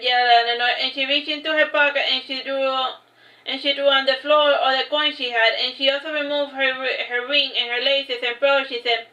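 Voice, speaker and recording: A woman's voice: sits high, little pitch movement, normal speed, pushed and bright. A woman reading her own story aloud, stumbling and restarting lines as she goes. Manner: unpolished reading with frequent restarts and fillers. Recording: echoey, dull lo-fi livestream audio.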